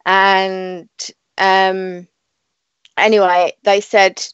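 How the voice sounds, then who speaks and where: A British woman who works as a radio host and psychic reader chats on her live internet radio show from home, rambling loosely and laughing a lot. Her middle-pitched voice is level, smooth, a bit bright, and extremely slow. The sound is dull and lo-fi but dry and close, with no room echo.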